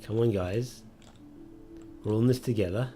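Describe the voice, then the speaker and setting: A very low-pitched man talks through a game as he plays, in a wry, easygoing way. His chat is loose and full of fillers. A little music sits faintly underneath. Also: moderate pace. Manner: wry, relaxed and chatty with frequent fillers. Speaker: let's play host. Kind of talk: casual gameplay commentary.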